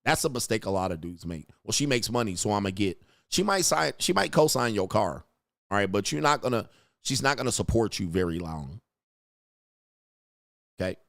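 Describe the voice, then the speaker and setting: A man's voice: on the low side, sing-song, normal speed, vocal fry, long pauses, fairly bright tone, no room sound, clean studio sound. A man hosting a livestream, reading viewer messages aloud and ranting casually with profanity, laughter and mocking asides. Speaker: host.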